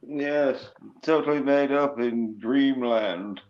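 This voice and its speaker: Man putting on a deadpan posh English sidekick, clipped and dry, muffled sound. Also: medium pitch, takes it slowly, close to an everyday voice. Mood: matter-of-fact.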